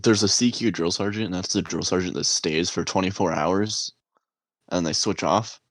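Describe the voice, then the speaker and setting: A young man casually telling army stories, swearing a lot and laughing as he acts out shouted orders. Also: sits low, normal speed, dry recording. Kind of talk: casual chat.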